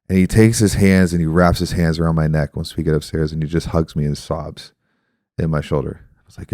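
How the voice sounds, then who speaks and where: A man's voice: deep voice, steady tone, fairly quick, darkish tone, dry recording, clean studio sound. A man in his thirties hosting a podcast, telling a story and explaining ideas in a reflective, casual way. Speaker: podcast host.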